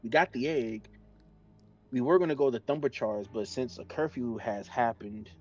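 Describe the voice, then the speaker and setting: A man's voice: mid-range voice, normal speed. A man playing a tabletop game, chatting casually in a rambling way with stammered restarts. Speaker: player. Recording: dull lo-fi mic.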